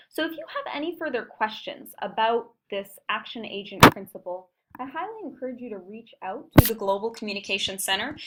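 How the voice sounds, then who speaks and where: A woman leading a recorded online writing workshop, explaining patiently and clearly with frequent fillers. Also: a little high, heavy background noise. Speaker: writing center instructor.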